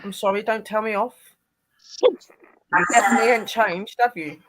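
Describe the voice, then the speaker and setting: A woman's voice: mid-range voice, moderate pace, low-quality recording. A woman hosting a live paranormal panel chat, speaking tenderly to her late grandad through a spirit box.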